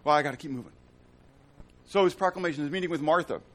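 A middle-aged man preaching a sermon, asking his congregation questions, swinging between loud emphasis and hushed tones. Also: on the high side, fast talker. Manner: asks the congregation fill-in-the-blank questions. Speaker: pastor.

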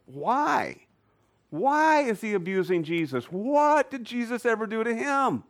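A man teaching a Bible class to a live audience, animated and often putting questions to the listeners. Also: sits high, normal speed. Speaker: church teacher.

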